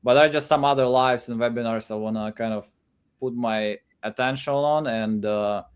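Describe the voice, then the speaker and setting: A man's voice: mid-range voice, normal speed, clear, resonant tone. A man co-hosting a live stream in casual chat, thinking aloud in a loose, rambling way. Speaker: co-host of a live real estate stream.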